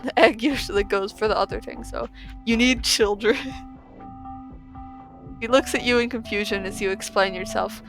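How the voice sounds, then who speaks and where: Bright-voiced woman reading game text. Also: medium pitch. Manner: giggly, animated reactions between read passages. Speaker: let's player. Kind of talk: reading a game's text aloud with casual commentary.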